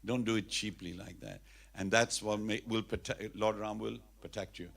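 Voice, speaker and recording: Gravelly man telling a temple story. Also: fairly low pitch, moderate pace. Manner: animated storyteller, leads call-and-response chants. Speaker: temple speaker. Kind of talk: storytelling sermon with chanting.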